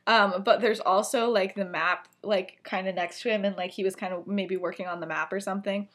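A woman's voice: medium pitch, steady tone, fairly quick. A young woman co-hosting a podcast, casually retelling a story in a rambling, giggly way full of fillers. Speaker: podcast co-host.

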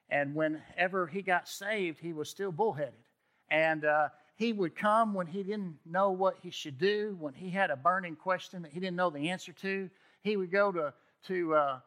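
A man's voice: fairly high pitch, sharp tone. A man preaching a sermon in a conversational way, often checking in with "okay?" and restarting his words. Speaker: pastor.

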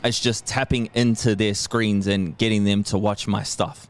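A man's voice: on the low side, flat delivery, moderate pace, clean tone. A man, talking brashly as a podcast guest, swearing freely and laughing often. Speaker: podcast guest, rapper and comedian. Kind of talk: casual podcast conversation.

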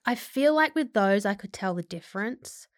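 A woman's voice: mid-range voice, lively intonation, normal speed, no room sound. Chatty woman actor giving an interview, casual and laughing, in a dry close recording. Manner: chatty, laughs often, many fillers. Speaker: actor and filmmaker guest.

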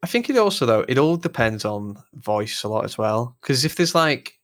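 A young man in casual podcast chat, blunt and animated, swearing freely. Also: medium pitch, normal speed. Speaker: podcast co-host.

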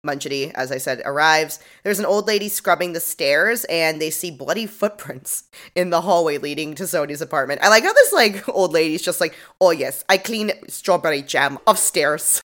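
A woman's voice: low voice, lively intonation, normal speed, a bit bright. A woman co-hosting a casual podcast, recapping a TV episode in a chatty, profane way and mimicking the characters' lines. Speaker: podcast co-host.

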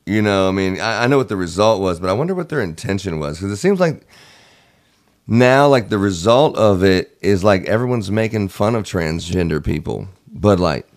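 A man's voice: deep voice, expressive, moderate pace, no echo, clean studio sound. A man hosting a casual podcast chat, asking questions, laughing easily and using lots of fillers. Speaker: podcast host.

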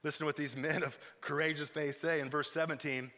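A man's voice: on the high side, level tone, brisk, sharp tone. A man preaching a sermon as pastor, emphatic and repetitive, recorded in a church auditorium. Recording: long hall reverb.

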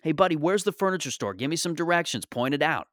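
A comedian doing an overexcited male driver, his voice jumping up high and getting loud as he hollers for directions. The sound is dry and close, with no room around it. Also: expressive, fast talker, dry recording. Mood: eager.

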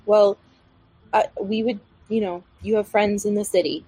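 A woman's voice: mid-range voice, fairly even intonation, moderate pace, dark tone, husky, no room sound, low-quality recording. A woman player in a tabletop game, talking in an easygoing, chatty way. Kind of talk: casual tabletop play.

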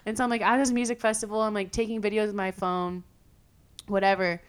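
A young woman from California hosting a podcast, telling stories in a casual, animated way, full of fillers and swearing. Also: medium pitch, fairly quick, smooth. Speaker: podcast host. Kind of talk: casual storytelling chat.

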